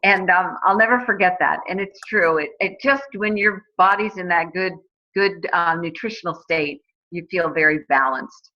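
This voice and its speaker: Chatty bright-voiced woman in her forties. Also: lowish voice, moderate pace. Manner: chatty, many fillers and restarts. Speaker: guest telling her story. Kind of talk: casual personal testimonial. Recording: dull lo-fi recording.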